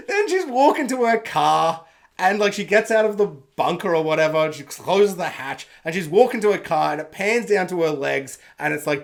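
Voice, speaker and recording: A film reviewer with a creaky, mid-range voice rants through a spoiler recap at a moderate pace. Animated and sarcastic, the reviewer swears freely and laughs often.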